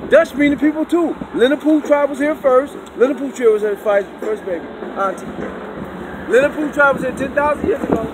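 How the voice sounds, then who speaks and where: A man rambling in a loose, repetitive street monologue while high, outdoors on a city street, recorded on a handheld phone. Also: normal speed. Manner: loose, repetitive, swings loud and soft. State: high on marijuana. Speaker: street vlogger. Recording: loud street and wind noise.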